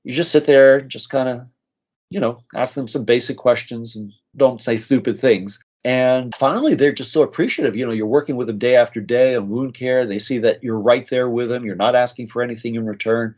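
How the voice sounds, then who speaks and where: A man's voice: medium pitch, fairly quick, a little mellow. A man, a nurse practitioner being interviewed, telling heartfelt stories in a conversational way and acting out the people he quotes. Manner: earnest, moved, acts out quoted voices. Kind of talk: conversational storytelling.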